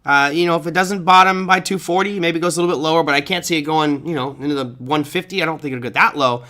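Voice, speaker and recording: Speaking fast in a sharp voice on the high side, a man runs a live trading show, walking through charts and reading out viewer chat. He's casual and talkative, thinking out loud with plenty of fillers while commenting on the market.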